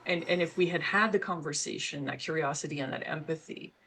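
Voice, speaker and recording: Measured woman guest giving parenting advice. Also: low voice, fairly bright tone, slightly rough. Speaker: podcast guest, parenting coach. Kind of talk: casual podcast interview.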